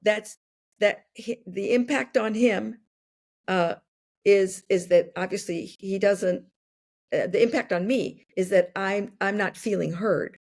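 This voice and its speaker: A woman in her sixties, a podcast guest, explaining ideas through worked examples in a relaxed conversational way. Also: mid-range voice, slow pace, gravelly. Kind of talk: conversational interview.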